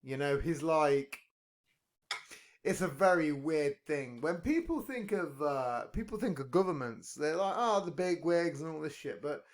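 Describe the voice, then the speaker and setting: A man talking in a loose podcast chat, his voice sitting a little high and bouncing around a great deal in pitch. He rambles, swears freely and jokes as he goes. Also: expressive, unhurried. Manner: profane, rambling, jokey. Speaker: podcast talker.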